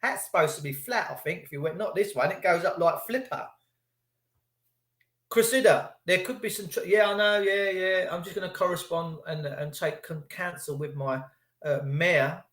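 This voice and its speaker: A man's voice: a little high, fairly bright tone, echoey room. A man ranting on a livestream, swearing and mocking people in put-on voices. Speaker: livestream ranter. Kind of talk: angry livestream rant.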